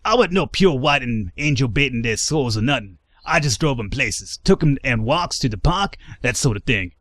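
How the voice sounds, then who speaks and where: A man voicing a tough, gruff male survivor who used to be a caregiver, drawling in a put-on tough-guy voice. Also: medium pitch, expressive, moderate pace, fairly bright tone, no echo, natural voice.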